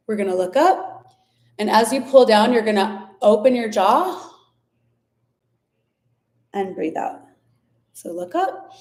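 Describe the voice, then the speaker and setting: A woman guides listeners through an ear massage and slow breathing. She talks gently and without hurry, step by step. Now and then she stops to search for a word. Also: on the high side. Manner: gentle and unhurried, with fillers and restarts. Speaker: somatic practice instructor. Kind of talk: guided body practice instruction.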